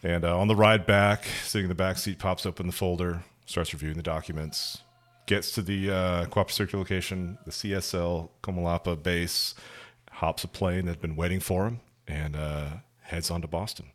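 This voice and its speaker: A man playing a tabletop game who narrates his character's actions in a halting way, with many fillers. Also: low-pitched, fairly even intonation. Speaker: player.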